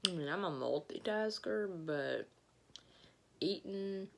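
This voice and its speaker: Slow gravelly Southern woman, eating. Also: lowish voice, animated, a little hiss or hum. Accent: Southern US, Alabama. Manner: rambling, halting, talks with mouth full. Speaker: vlogger. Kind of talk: casual storytelling while eating.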